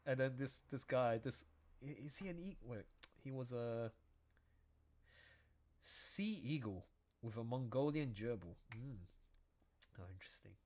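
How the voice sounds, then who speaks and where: A man who is a comic artist, chatting casually on a stream in a chatty, animated way. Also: medium pitch, measured pace, pauses often. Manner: chatty, animated, prone to laughing and restarts. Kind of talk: casual chat.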